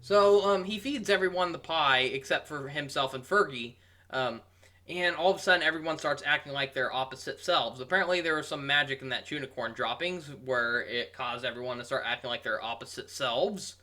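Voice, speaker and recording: A young man giving a casual, rambling review, amused and full of pauses. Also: mid-range voice, pushed and bright. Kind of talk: casual commentary.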